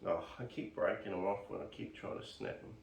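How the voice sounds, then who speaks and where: A man's voice: low-pitched, brisk, gravelly, muffled recording, slight background noise. An Australian man rambling casually while potting plants, muttering and joking at himself. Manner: rambling, chatty, self-deprecating, muttering to himself. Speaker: bonsai vlogger. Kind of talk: casual narration while working. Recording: roomy sound, mic at a distance.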